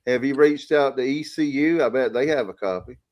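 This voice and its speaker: A man doing a light impression of a friendly Southern man with a low, lazy drawl. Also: brisk, darkish tone, close to an everyday voice. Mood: teasing.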